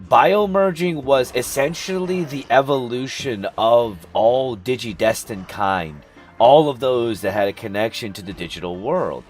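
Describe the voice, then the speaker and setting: Man, game streamer, casual chat, ranting, profane, faint background music. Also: medium pitch.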